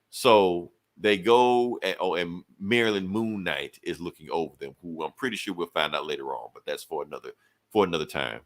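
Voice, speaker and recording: A man's voice: low-pitched, fairly bright tone. A man on a podcast giving a loose, slangy recap of a comic book, full of fillers and swearing, quoting the characters along the way. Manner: retells scenes by briefly quoting the characters. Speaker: podcast co-host reviewing comics.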